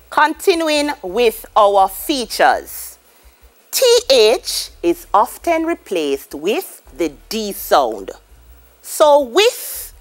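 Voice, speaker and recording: A woman's voice: a little high, big pitch swings, slow. A Jamaican woman teaching a televised lesson, explaining each point and then giving Creole example sentences. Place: TV studio.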